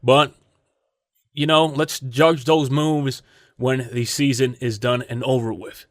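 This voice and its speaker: A man hosting a casual sports talk show, animated and mocking, breaking into laughter often. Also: medium pitch, takes it slowly, dry recording, studio quality. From United States. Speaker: podcast host.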